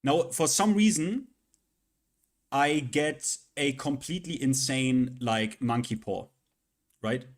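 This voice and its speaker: A man's voice: mid-range voice, slow, long pauses. A man talks into his desk mic during a live stream, his voice sitting in a middling register. He rants loosely and profanely, exasperated, circling back and restarting his sentences. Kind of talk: casual live-stream rant.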